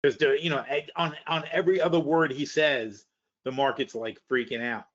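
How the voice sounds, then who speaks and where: A man hosting a live webinar talks through the news in a loose, thinking-aloud way, blunt and now and then profane. His voice sits at an ordinary middle pitch. The audio is dull and lo-fi, like a muffled webinar feed. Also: steady tone, moderate pace, a bit bright. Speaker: webinar host. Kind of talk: casual live market commentary.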